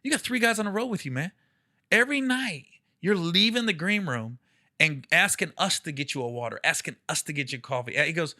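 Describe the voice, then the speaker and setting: Comic guy, bright tense voice, animated storytelling, doing little voices for people. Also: a little fast. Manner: animated, acts out quotes with jumps in pitch. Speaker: comedian guest. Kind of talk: casual storytelling chat.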